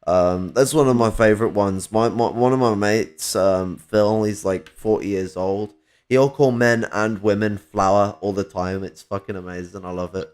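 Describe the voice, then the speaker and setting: A man's voice: lowish voice, steady tone, moderate pace, darkish tone, clear, resonant tone. A man in casual conversation, rambling with many fillers and swearing freely. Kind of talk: casual podcast chat.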